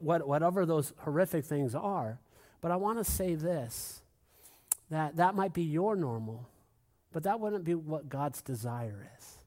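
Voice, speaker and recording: A man's voice: a little high, darkish tone. A middle-aged man preaching a sermon as pastor to a congregation, emphatic and repetitive, often asking for an amen. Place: church hall with a congregation.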